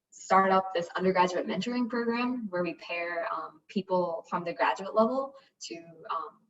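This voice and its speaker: A woman's voice: lowish voice, recorded from a distance. A young woman, a student group president, presenting chattily on a video call with many fillers. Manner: chatty, fillers, speaking softer in places. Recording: dull lo-fi audio, off mic.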